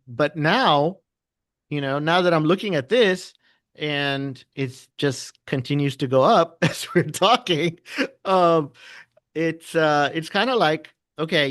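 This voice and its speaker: A man who trades options, chatting casually and telling animated stories. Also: fairly high pitch, no room sound, studio quality. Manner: animated storyteller, laughs often, acts out quotes. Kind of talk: casual trading chat.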